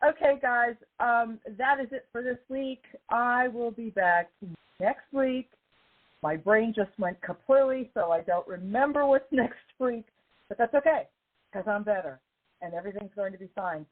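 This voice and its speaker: Hoarse woman podcast host on a phone line. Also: fairly high pitch. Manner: warm, effusive, emphatic. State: slightly hoarse after illness. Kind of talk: casual chat. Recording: phone-like narrow band.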